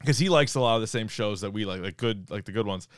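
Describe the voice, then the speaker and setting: A man's voice: on the low side, quick pace, dry recording, studio quality. A man co-hosting a casual comedy podcast, chatting loosely and acting out quoted lines in little voices. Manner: animated, acts out quoted lines. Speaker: podcast co-host.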